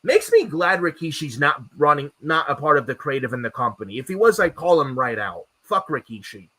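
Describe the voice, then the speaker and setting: Ranting, profane wrestling podcast host. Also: male voice, on the high side, very animated, brisk, sharp tone. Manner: profane, ranting, repeats himself. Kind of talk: casual wrestling recap chat.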